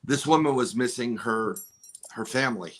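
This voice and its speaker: A man's voice: medium pitch, normal speed. A man with a mid-range voice, talking as a podcast guest in a casual, rambling way. He restarts his sentences and slips into quoted dialogue as he tells his story.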